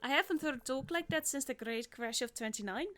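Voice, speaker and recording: A woman voicing a thrifty old male duck tycoon from game dialogue, gruff with old-fashioned phrasing. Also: sits high, fairly quick, fairly bright tone. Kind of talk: reading game dialogue aloud.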